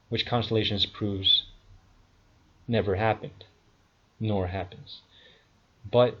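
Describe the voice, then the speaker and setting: A man in his thirties giving a combative, scornful monologue rebuttal, full of insults. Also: lowish voice. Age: 30s. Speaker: video commentator. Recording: dull lo-fi sound.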